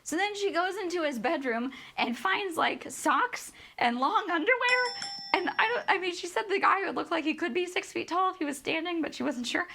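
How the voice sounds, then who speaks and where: A woman's voice: very high-pitched, expressive, normal speed, gravelly, bright, forceful tone. A woman streamer ranting a profane, sarcastic book review.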